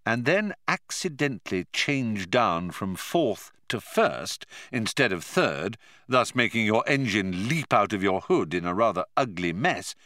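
A man reading a story aloud with wry, expressive narration. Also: lowish voice, no echo, studio quality. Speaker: audiobook narrator. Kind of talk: scripted narration.

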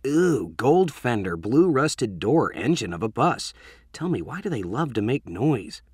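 A man's voice: mid-range voice, very animated, unhurried, a little mellow, slightly rough, no echo, clean studio sound. A man voicing a smirking teenage boy who jokes and mocks the other kids. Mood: mocking. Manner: mocking, wisecracking.

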